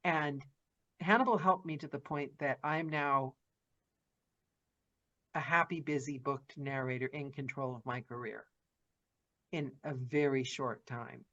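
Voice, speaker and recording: A woman's voice: a bass voice, fairly even intonation, measured pace, pauses often, a bit bright, dull audio. A woman hosting a podcast, talking effusively in casual interview style and peppering her sentences with "like". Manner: effusive, gushing, frequent "like". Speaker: podcast host and narrator.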